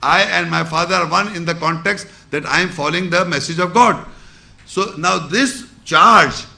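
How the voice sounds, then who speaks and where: A man's voice: fairly high pitch, creaky, sharp tone. A man giving an Islamic religious lecture, explaining scripture with repeated phrases and rhetorical questions. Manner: recites Arabic verses quickly.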